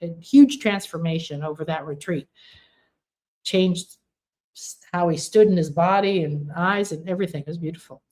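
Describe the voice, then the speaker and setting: A woman's voice: lowish voice, moderate pace, a little mellow. A woman hosting a live stream of spiritual readings. She speaks earnestly and emphatically, and repeats words for stress as she chats with her viewers.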